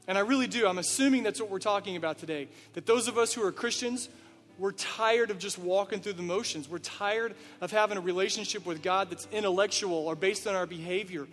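A pastor with a high voice preaches earnestly, putting question after question to his listeners. His sermon rings through a reverberant church sanctuary. Soft music plays underneath. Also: brisk. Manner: earnest, direct address with rhetorical questions. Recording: reverberant hall with faint music.

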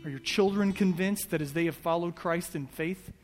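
A man's voice: high voice, normal speed. Earnest preaching man in a reverberant hall. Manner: earnest, repetitive, builds to soft prayer. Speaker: pastor. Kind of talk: sermon. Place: church hall. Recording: echoey church hall. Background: soft guitar.

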